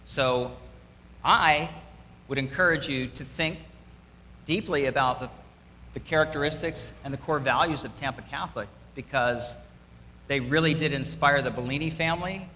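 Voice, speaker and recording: Speaking at normal speed with long pauses, a middle-aged man addresses students as a donor in a school hall before an audience. His medium-pitched voice is pushed and bright, his speech upbeat and emphatic with repeated key words, recorded in an echoey room with faint background noise.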